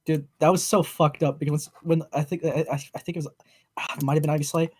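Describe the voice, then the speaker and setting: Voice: medium pitch, steady tone, fast talker, darkish tone, slightly rough. A co-host on a live stream, chatting casually, swearing and laughing often. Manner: giggly, profane storytelling.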